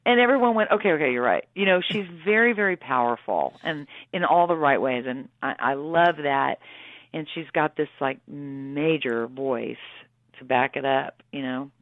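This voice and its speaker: A woman's voice: a bass voice, a little slow, dry recording. An American woman, a guest in a casual interview, chatting and laughing, acting out quotes as she goes. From United States. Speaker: actress guest. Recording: tinny phone line.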